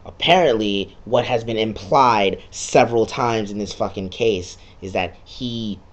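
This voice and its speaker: A man with a somewhat low voice talks through a video game he just played, casual and loose. He is sarcastic and swears freely, often breaking into quick quoted lines as he retells it. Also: lo-fi sound.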